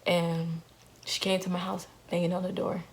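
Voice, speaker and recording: A woman's voice: lowish voice, little pitch movement, moderate pace, a little hiss or hum. A young woman vlogger telling a painful personal story in an earnest way, repeating phrases for emphasis.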